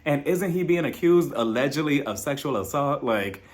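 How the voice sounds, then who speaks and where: A man giving a casual, gossipy recap of a reality TV episode in a sassy, animated way, laughing often. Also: on the high side, normal speed.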